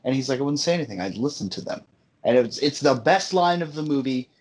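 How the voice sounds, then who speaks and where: A man rambling through a casual podcast chat, restarting his sentences and swearing freely. His voice sits at an ordinary middle pitch. He talks into a headphone mic that sometimes sounds muffled. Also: expressive, fast, slightly rough. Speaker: podcast co-host.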